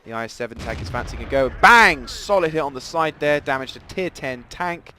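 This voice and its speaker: A man giving rambling, self-deprecating live commentary over a tank game, with sudden excited outbursts. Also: medium pitch, a little fast, a little hiss or hum. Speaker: gameplay commentator. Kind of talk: casual live gameplay commentary.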